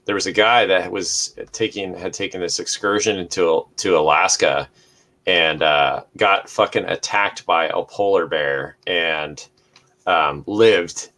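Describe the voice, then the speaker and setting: A man's voice: low-pitched, a little slow, bright, forceful tone. A man in a casual chat, telling a story loosely, with frequent swearing and laughter.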